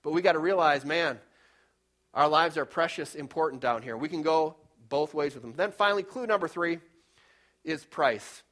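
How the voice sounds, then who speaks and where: A fervent male preacher delivering a sermon in a church, his voice sitting a little high. He speaks emphatically, pushing some phrases fast and drawing others out slowly for weight, and reads scripture aloud as he goes. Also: a bit bright. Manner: fervent, emphatic, varies pace for effect. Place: church with slides.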